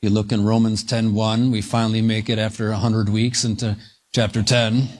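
A man preaching a sermon, speaking slowly and deliberately and leaning hard on single words for emphasis. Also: fairly low pitch, level tone. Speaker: pastor.

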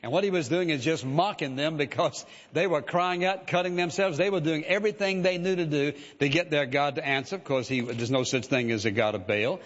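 Preacher with a reverberant, muffled sound. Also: male voice, a little high, a little fast, few pauses. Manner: conversational preaching with many "uh" fillers and "listen" asides. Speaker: pastor. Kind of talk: sermon. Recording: reverberant hall, dull lo-fi sound.

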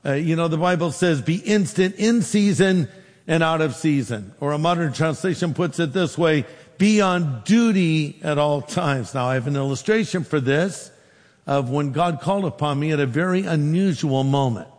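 A man's voice: fairly high pitch, normal speed. Man preaching in a reverberant hall. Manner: storytelling with lively quoted dialogue. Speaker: pastor. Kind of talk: sermon.

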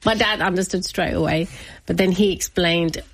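A woman's voice: on the low side, normal speed, husky, dry recording. A woman, a guest in an interview, telling a personal family story with lots of laughter. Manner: animated, laughs often, acts out family members' voices.

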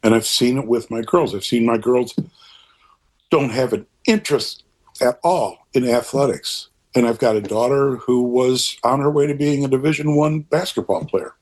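An older man in an interview conversation, talking in an earnest, rambling way with animated asides, his voice a little husky. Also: mid-range voice, unhurried.

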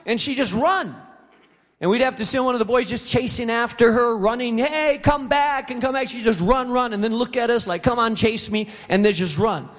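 Speaking briskly in an extremely high pitch, a middle-aged man preaches to an auditorium. He's a pastor telling a story and performing the voices of its characters. Long hall reverb fills the recording of this large space.

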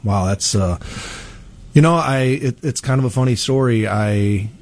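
A middle-aged man from Peoria, Illinois, a police chief talking through an interview in a relaxed way, with many ums and restarts. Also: mid-range voice, measured pace. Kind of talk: casual interview.

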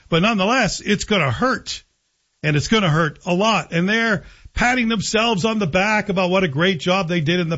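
A man hosting a radio talk show, giving animated, sarcastic opinion commentary. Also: fairly high pitch. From Canada. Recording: dull lo-fi broadcast audio.

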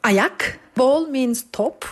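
Woman from Turkey, high lively voice, bubbly casual interviewee. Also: drawn-out words. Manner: bubbly, laughing. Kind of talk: casual chat.

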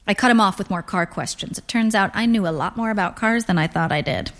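A woman reading literary fiction aloud in a measured, wry, unhurried way. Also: mid-range voice, fairly bright tone. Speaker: narrator. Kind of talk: scripted literary narration. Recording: long hall reverb.

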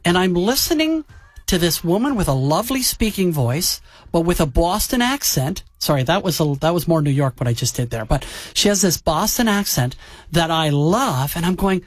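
A man's voice: a little high, expressive, normal speed, dry recording. A man hosting a retro music show in casual chat, enthusiastic and playfully teasing. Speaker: radio show host.

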